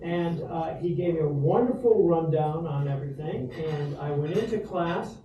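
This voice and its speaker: A middle-aged man from Rhode Island gives a humorous, rambling toast to dinner guests in a restaurant dining room, telling anecdotes with lots of ums. His voice is fairly high and animated at a normal speed. The audio is dull and distant, with roomy echo, crowd noise and other background sounds.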